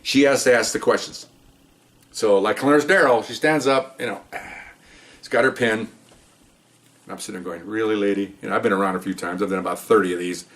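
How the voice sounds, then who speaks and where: A retired police officer in his sixties, telling a courtroom anecdote in a jokey, animated, chuckling way. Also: fairly low pitch, a little fast, long pauses.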